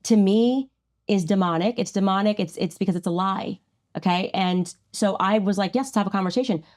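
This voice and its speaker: A woman debating on a podcast in a firm, insistent tone. Her voice sits at a middle pitch. She repeats her points to press them home. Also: brisk, a little mellow. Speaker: podcast guest. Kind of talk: heated debate.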